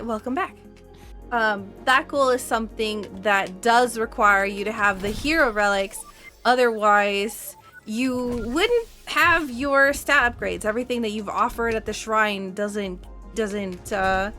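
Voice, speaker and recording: A speedrun player gives live gameplay commentary in a bright, forceful, mid-range female voice. She explains the game as she plays, chatting, laughing often, and leaning on plenty of fillers.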